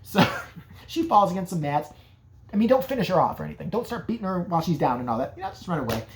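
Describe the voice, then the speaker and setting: A woman's voice: lowish voice, wildly swooping pitch, fast. Profane sarcastic woman recapping a movie. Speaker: movie reviewer.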